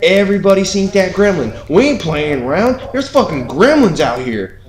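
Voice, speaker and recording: A man's voice: high-pitched, animated, moderate pace, reverberant. A man co-hosting a casual podcast chat, joking and laughing, often slipping into mock voices for the people he quotes. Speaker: podcast co-host.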